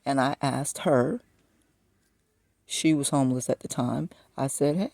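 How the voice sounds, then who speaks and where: A man's voice: mid-range voice, a little slow, creaky, long pauses, a little mellow, dry recording, studio quality. A man in his fifties talking to the camera in a personal monologue, venting his frustration as he tells a story. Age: 50s.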